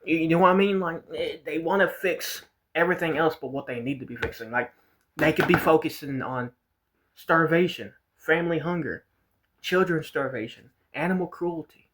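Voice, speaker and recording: A man's voice: fairly high pitch, moderate pace, a bit bright, slight background noise. A man vlogging a casual, rambling rant, repeating himself and swearing as he talks. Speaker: vlogger reacting to a video. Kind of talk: casual ranting commentary.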